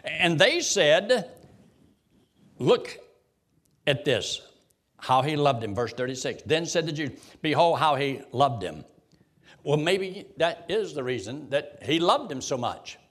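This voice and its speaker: A man leads a Bible study in a folksy way, reading King James verses aloud and quizzing the group. His voice sits at medium pitch with lively intonation and a measured pace.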